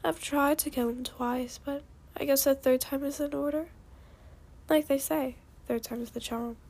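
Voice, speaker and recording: Sneering she-dragon villain, cooing and hissing, fairly high, read by a woman. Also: fairly even intonation, a little slow, a little mellow. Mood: mocking. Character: cruel cackling female dragon villain.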